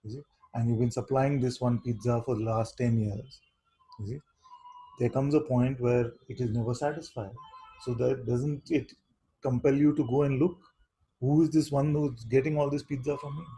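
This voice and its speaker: Male spiritual teacher with a mellow, husky voice. Unhurried and questioning, he keeps checking in with "you see?". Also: mid-range voice, fairly even intonation, poor audio. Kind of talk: satsang talk to seekers.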